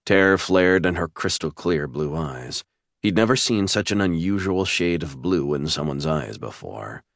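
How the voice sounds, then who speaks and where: A man narrating a romance audiobook in a measured, steady storytelling voice, recorded close to a studio mic. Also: low-pitched, creaky, no echo.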